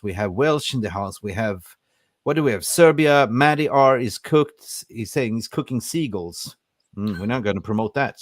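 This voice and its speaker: A man's voice: medium pitch, no room sound, studio quality. A man hosting a live fan podcast, reading out and greeting viewers from the chat with energy. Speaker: podcast host.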